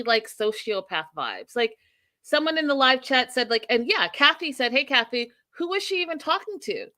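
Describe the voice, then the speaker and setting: A woman's voice: fairly high pitch, sharp tone. A woman hosting a casual reality TV recap chat, talking with animation, acting out quotes and laughing often. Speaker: host.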